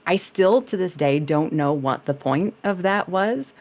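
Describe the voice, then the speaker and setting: A woman with a notably low voice chats as a guest on a podcast interview. She rambles through her stories, restarting sentences and laughing often. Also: animated, a little slow, darkish tone. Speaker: streamer guest. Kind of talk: casual podcast interview chat.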